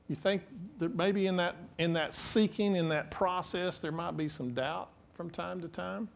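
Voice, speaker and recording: A man preaching a sermon, lively and animated, acting out scripture quotes in different voices and laughing between points. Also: sits high, measured pace, creaky, few pauses. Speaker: pastor.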